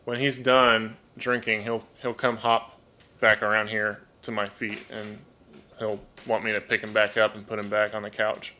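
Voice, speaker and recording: Man, live-stream host; very bright tone, chatty, apologetic, restarts words often. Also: on the low side, level tone, moderate pace, a little hiss or hum. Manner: chatty, apologetic, repeats words while thinking. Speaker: livestream host and toucan keeper. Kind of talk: casual live-stream chat. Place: home room. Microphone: desk microphone.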